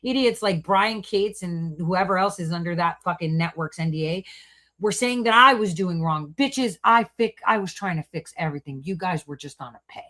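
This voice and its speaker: A woman with a somewhat low voice hosts a heated monologue for her online audience. She is profane and openly angry. She jumps from loud outbursts to hushed, muttered asides. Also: moderate pace. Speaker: host.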